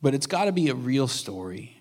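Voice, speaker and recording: A male pastor preaching a sermon with earnest, shifting emphasis, at times dropping to a hush and then building up again. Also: mid-range voice, very animated, brisk. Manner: earnest preaching, swings between hushed and emphatic. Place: church sanctuary.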